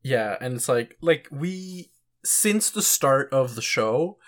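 A man's voice: medium pitch, lively intonation, slow pace. A man co-hosting a casual podcast chat, rambling with lots of filler words, swearing and chuckling as he goes. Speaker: podcast co-host.

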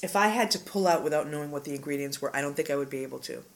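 Woman podcast co-host, lower register, blunt and sweary, slightly buzzed. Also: racing. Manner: frank, profane, playful. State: tipsy. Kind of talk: casual chat, book review.

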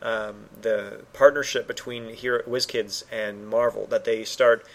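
A man's voice: lowish voice, steady tone, a little slow. Chatty Canadian man. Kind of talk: casual chat about collectible miniatures game.

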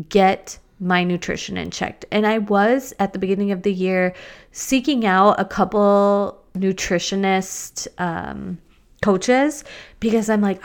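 A woman in her thirties talks in a casual, candid chat as a mom and podcaster. Her voice is smooth and clear. She speaks at a medium pitch and leans on "like" as she goes. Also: slow pace. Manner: chatty and candid, peppered with "like".

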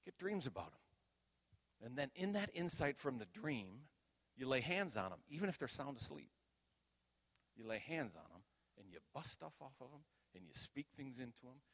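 Middle-aged guy preaching, tells stories, acts out the lines loud, voice jumps all over. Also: medium pitch, normal speed. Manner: animated, acts out quoted dialogue loudly. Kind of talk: storytelling sermon.

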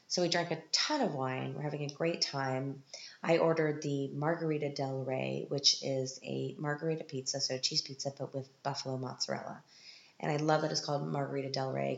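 A woman podcast host telling chatty stories from her week in a casual monologue, animated, with sudden high-pitched quoted reactions. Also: creaky. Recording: roomy, muffled home recording.

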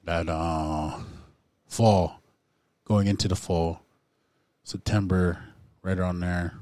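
Low, dark-voiced man sharing at a recovery meeting. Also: steady tone, dry recording. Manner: halting, frequent throat-clearing and fillers. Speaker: recovery group member sharing. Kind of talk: personal testimony in a recovery circle.

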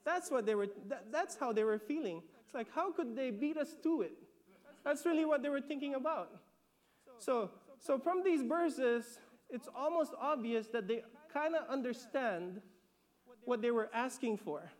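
A man from the Philippines preaching with a notably high voice. He talks in an animated, conversational way, repeats words as he builds a point, and checks in with the congregation. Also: moderate pace. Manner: laughs between points, asks "okay?". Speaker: pastor. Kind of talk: sermon.

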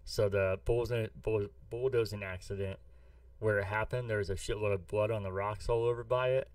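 A man's voice: fairly low pitch, fairly even intonation, moderate pace, darkish tone, no room sound, far from the mic. A man from the US Midwest, co-hosting a podcast, chatting casually in a rambling, profane storytelling way. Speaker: podcast co-host. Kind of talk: casual chat.

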